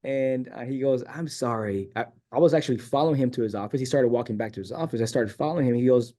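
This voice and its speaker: Man, middle-aged, guest storyteller, mellow and warm tone, rambling and animated. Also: mid-range voice, racing. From San Diego, California. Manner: rambling, animated storyteller who acts out quoted dialogue. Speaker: interview guest. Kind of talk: casual storytelling interview.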